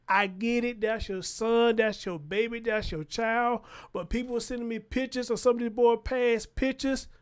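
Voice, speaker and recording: Animated high-voiced man riffing to chat. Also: clean tone. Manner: animated, talks straight to chat. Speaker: livestream show host. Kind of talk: casual livestream commentary.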